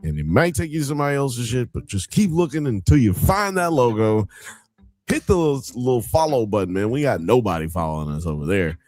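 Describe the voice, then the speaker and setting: Animated, joking male podcast host. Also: medium pitch, brisk, dry recording. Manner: joking, animated, laughs often. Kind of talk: casual live-stream chat.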